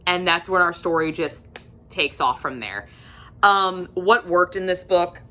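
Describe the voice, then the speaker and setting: A woman casually reviewing books for her vlog, candid and chatty, swearing freely and filling pauses with ums. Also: fairly low pitch, lively intonation, pushed and bright. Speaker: book reviewer.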